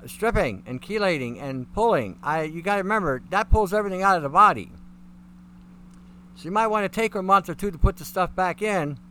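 Rambling talkative man, slightly high voice. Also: pushed and bright, slight background noise. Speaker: live-stream host answering chat questions. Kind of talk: casual live-stream chat.

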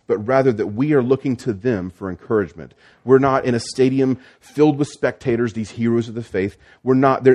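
A man's voice: mid-range voice, darkish tone. A man preaching a sermon as pastor, explaining the text step by step with frequent restarts and fillers.

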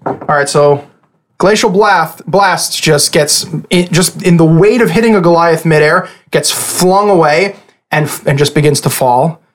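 A man runs a tabletop game as game master, narrating the action in a casual, rambling way. His voice sits on the higher side and stays lively. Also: unhurried.

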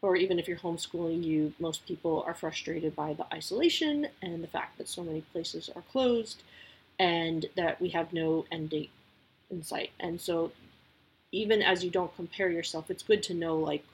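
Casting: breathy woman in her thirties, casual podcast host, rambling and friendly. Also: lowish voice, moderate pace. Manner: chatty, lots of likes and you-knows. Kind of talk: casual advice talk.

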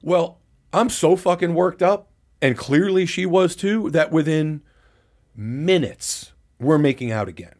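This podcast co-host speaks in a fairly high, darkish voice and takes his time. He relays a frank, step-by-step story in a relaxed conversation, heavy on profanity.

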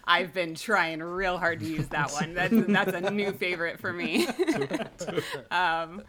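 A woman's voice: fairly low pitch, takes it slowly, over a noisy crowd. A woman hosting a podcast, chatting casually with guests, often laughing and using fillers. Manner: giggly, frequent laughs and fillers. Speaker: podcast host.

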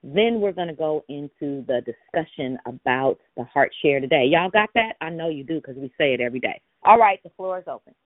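A woman's voice: deep voice, animated, fairly quick, hardly any pauses, dry recording. A woman hosting a call-in prayer line in a casual, playful way, laughing often and now and then breaking into song. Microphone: phone. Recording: phone line, dry.

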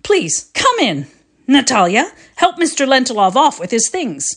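A woman's voice: sits high, big pitch swings, a little slow, voice pushed up, heavily acted. A woman voicing a cordial, fussy middle-aged father with a pleasant sing-song voice in a readers' theatre story reading. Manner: warm, fussing hospitable welcome.

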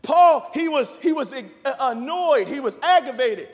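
A pastor in his thirties preaching a sermon, animated, rising to shouts and repeating phrases. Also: very high voice, a little slow, big-room sound.

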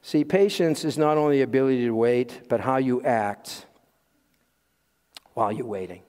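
A man preaching a sermon as pastor, swinging from loud emphasis to hushed asides and chuckling at his own jokes. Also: mid-range voice, moderate pace. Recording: long hall reverb.

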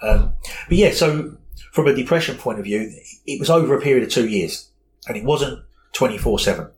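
A man's voice: mid-range voice, expressive, a little fast, slight background noise, low-quality recording. A man, speaking candidly and earnestly as an interview guest, often repeating words as he goes. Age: 40s.

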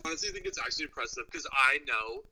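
Bright, lively young man chatting. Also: medium pitch, very fast, gravelly, poor audio. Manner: enthusiastic, rambling. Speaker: guest, cousin of the hosts. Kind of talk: casual chat.

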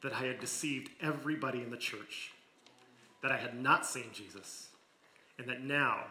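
Bright-voiced man reading a story in a sermon. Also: medium pitch, normal speed, slight background noise. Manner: expressive reading that drops to a hush in quiet moments. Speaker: preacher. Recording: echoey room.

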